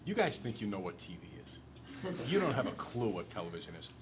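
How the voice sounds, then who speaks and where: A male teacher lecturing a class in an animated, joking storyteller way. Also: lowish voice, fast, noisy background.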